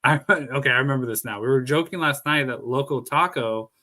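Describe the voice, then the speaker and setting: A man's voice: mid-range voice, brisk, bright, forceful tone. A man with a lisp streaming and chatting casually, rambling, laughing and swearing. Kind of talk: casual chat.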